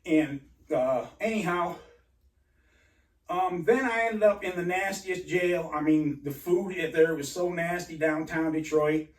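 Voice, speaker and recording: A man telling a rambling personal story in an agitated, halting way, full of restarts and swearing. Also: fairly high pitch. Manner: profane. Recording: roomy and distant from mic.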